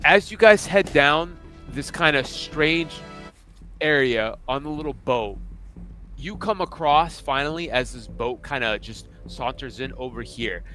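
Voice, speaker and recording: A man's voice: medium pitch, bright, forceful tone. A man narrating as game master in a tabletop fantasy game, speaking casually and loosely with fillers like "kinda" and "like.".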